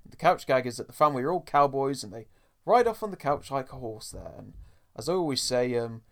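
Man, mid-pitched voice, chatty podcast host, talks to folks. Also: expressive, a little fast. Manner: chatty, addresses listeners as folks. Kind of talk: casual chat.

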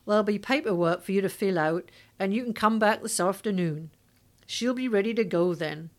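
A woman's voice: mid-range voice, normal speed, lightly acted. A woman reading the lines of a stern, formal male police constable.

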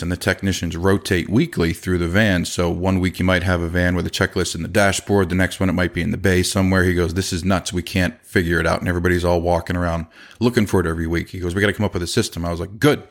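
A middle-aged man with a low, deep voice tells workplace stories in a relaxed podcast chat. He slips into quoted dialogue and laughs easily between points. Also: fast. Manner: conversational, laughs often, acts out quoted dialogue. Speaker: podcast host and business owner. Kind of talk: casual storytelling.

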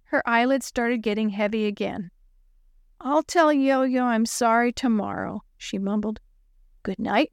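A woman reading a children's Bible story aloud, lively and raising her voice high for the child's lines. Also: no echo, clean studio sound.

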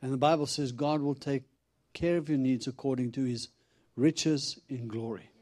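Itinerant preacher, male, mellow tone, animated storyteller voicing his own quotes. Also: mid-range voice, moderate pace. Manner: animated storyteller, acts out quotes, laughs often. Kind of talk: storytelling sermon.

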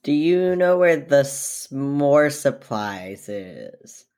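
Sly teen camp counselor, low voice, offhand tone, played by a woman. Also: measured pace, a little mellow.

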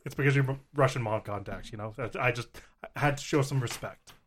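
A man's voice: medium pitch, fairly quick, fairly bright tone, slight background noise. A man co-hosts a podcast and teases the others in casual chat. He plays at being offended and jokes around. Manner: teasing, mock-offended. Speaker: podcast co-host.

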